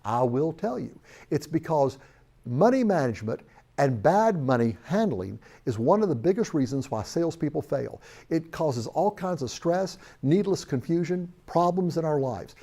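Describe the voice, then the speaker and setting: A man's voice: on the high side, big pitch swings, normal speed, creaky, dark tone. A man giving a recorded sales training lecture, storytelling in an emphatic way.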